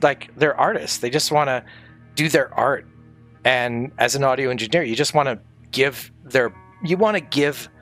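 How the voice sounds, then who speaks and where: A man on a livestream casually telling stories from his audio engineering days, animated and profane, laughing often. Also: a little high.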